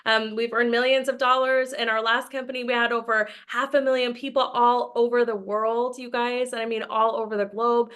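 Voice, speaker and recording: A woman's voice: fairly high pitch, flat delivery, normal speed, few pauses, fairly bright tone. A woman from Austin, Texas, in her thirties, giving an enthusiastic, chatty sales presentation over a video call and laughing often. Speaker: business presenter.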